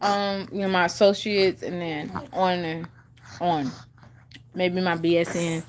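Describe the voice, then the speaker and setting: Her voice on the low side, flat and unhurried, a vlogger in her twenties talks casually to her viewers while chewing gum. She leans heavily on fillers and often restarts what she's saying.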